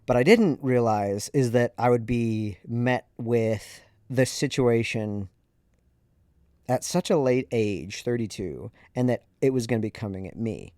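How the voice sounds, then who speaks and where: A man's voice: mid-range voice, measured pace, a little mellow, no room sound, clean studio sound. A man in his thirties, a podcast host, candidly and reflectively telling a personal story in a conversational way.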